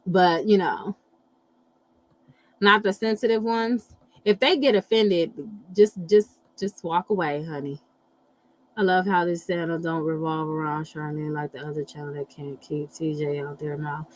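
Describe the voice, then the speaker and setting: A middle-aged woman hosting a casual live chat, animated and blunt, swearing freely and reacting to viewer comments. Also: low voice, a little slow, low-quality recording. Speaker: livestream host reading astrology.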